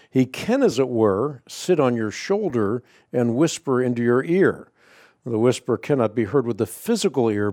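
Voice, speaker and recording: A man hosting a call-in radio show, explaining scripture to callers in a measured, authoritative way. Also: mid-range voice, dark tone, no echo, studio quality. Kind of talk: call-in Bible answer radio.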